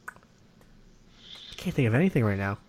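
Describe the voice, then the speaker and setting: A man co-hosting a podcast, joking loudly and crudely with a friend in casual banter, often trailing off mid-thought. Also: mid-range voice, very animated, a little slow, slight background noise.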